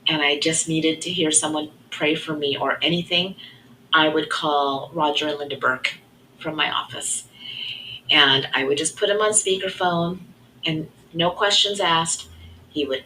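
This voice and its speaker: A middle-aged woman sharing her faith testimony in an earnest, reflective way, often trailing off softly. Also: low voice, a little hiss or hum, low-quality recording.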